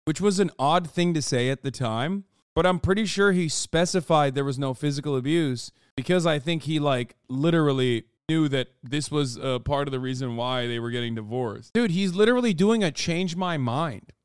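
A man's voice: fairly high pitch, normal speed, smooth, no room sound, studio quality. A man hosting a live reaction stream, swearing and sounding incredulous as he comments and reads an article aloud. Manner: profane, incredulous running commentary.

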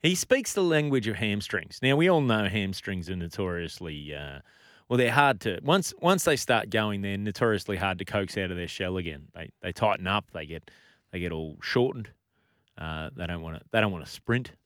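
A man's voice: deep voice, lively intonation, moderate pace, a bit bright, dry recording, studio quality. An Australian man co-hosting a casual sports podcast, joking and bantering playfully. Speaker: podcast co-host.

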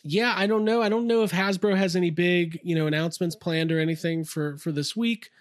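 A man co-hosting a laid-back podcast in a slightly high voice. He rambles, restarts his sentences and laughs easily. The sound is dry and close, with no room in it. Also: steady tone, fairly quick, no echo. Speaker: podcast co-host. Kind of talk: casual chat.

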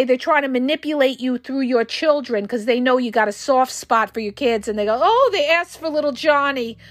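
A woman's voice: high-pitched, dry recording, studio quality. A woman hosting a podcast about narcissists and talking straight to her listeners in a blunt, profane way, repeating her points for emphasis. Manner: blunt and profane, addressing listeners as "you guys". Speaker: podcast host and relationship coach. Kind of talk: casual monologue.

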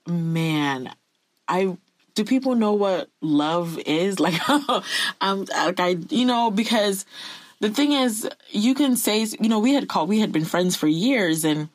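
A woman's voice: fairly low pitch, dry recording. A woman telling a personal story to her viewers in an earnest, confessional way. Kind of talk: candid personal storytelling to camera.

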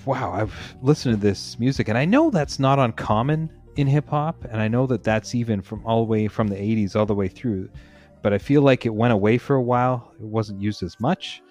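A man hosting a casual album discussion, talking in animated bursts and interrupting himself often. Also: medium pitch, brisk, faint music behind. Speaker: podcast host.

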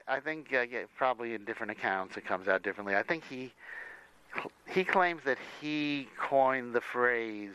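A man's voice: lowish voice, a bit bright, clear, resonant tone, lo-fi sound. A man in a casual conversation, talking through comics history in a rambling way with many restarts.

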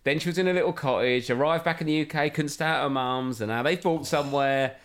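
A man's voice: a little high, quick pace, a bit bright, clean tone. A man hosting a podcast interview, chatting casually and joking with a lot of laughter. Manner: jokey, chatty, laughs often. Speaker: podcast host. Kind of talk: casual chat.

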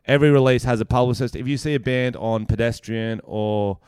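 A young Australian man tells a story on his podcast in a loose, easy way, full of swearing and quoted voices. His voice is smooth and resonant. The recording is dry and close. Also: medium pitch, brisk, darkish tone, no echo. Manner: laid-back, swears freely, tells stories with quoted voices. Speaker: podcast co-host and musician. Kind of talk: casual chat.

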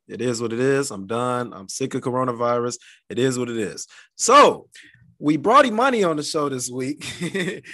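Co-host, man, easygoing and quick to laugh, dry close sound. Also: mid-range voice, sharp tone, dry recording. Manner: laid-back, laughs often. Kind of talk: casual podcast chat.

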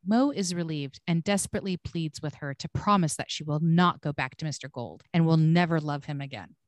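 Woman podcast host doing a recap, low voice, blunt and sweary, dry mic. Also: fairly quick, no room sound. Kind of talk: scripted recap narration with casual asides.

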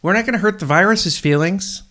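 A man's voice: high voice, brisk, sharp tone. A man hosting a solo podcast, rambling bluntly and swearing freely. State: up before dawn, tired. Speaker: podcast host.

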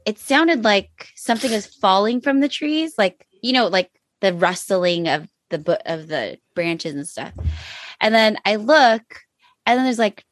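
A woman's voice: mid-range voice, dry recording. A woman telling a story in casual chat with friends, slangy and chatty.

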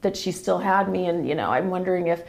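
Woman with a gravelly creaky voice, chatty podcast guest, keeps acting out what everyone said. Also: lowish voice, fast talker. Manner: animated retelling, acting out quoted dialogue. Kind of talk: casual storytelling.

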